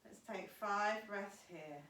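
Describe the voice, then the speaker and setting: A woman's voice: mid-range voice, slow, sharp tone. A woman yoga teacher guiding a live class through poses and breathing, with encouraging step-by-step cues. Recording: echoey room, voice from far off.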